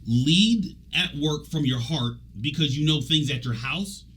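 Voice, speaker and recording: A man's voice: a little high, lively intonation, measured pace, fairly bright tone, breathy edge, poor audio. A man hosting a radio talk show as an executive coach, talking casually and animatedly, often trailing off and restarting. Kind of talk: casual conversational interview.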